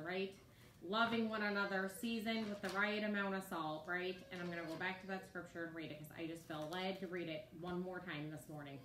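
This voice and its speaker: A woman's voice: medium pitch, a little hiss or hum. A woman giving a casual, conversational sermon, often checking in with her listeners as she talks. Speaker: ministry teacher. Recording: echoey room with faint ambience.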